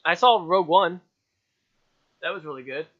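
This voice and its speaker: A man's voice: high voice, expressive, moderate pace, fairly bright tone. A man co-hosting a casual podcast chat, swearing freely and laughing often. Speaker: podcast co-host. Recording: dull lo-fi test microphone.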